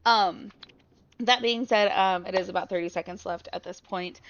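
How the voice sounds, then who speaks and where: A woman's voice: mid-range voice, normal speed, dull audio, slight background noise. A woman streaming a horror game, swearing freely and jumpy at scares. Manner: profane, jumpy and excitable. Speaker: live streamer. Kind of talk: casual gameplay commentary.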